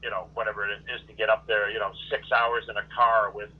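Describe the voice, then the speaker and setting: A man's voice: on the low side, flat delivery, quick pace, slightly rough. A male podcast guest in casual chat, talking hesitantly with many fillers as he recalls things. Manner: hesitant, many ums and uhs. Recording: phone-like call audio.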